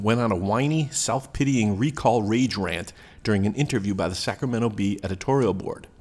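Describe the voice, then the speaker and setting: A man reading a news commentary article aloud as narrator, with a dry, wry delivery. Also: on the low side.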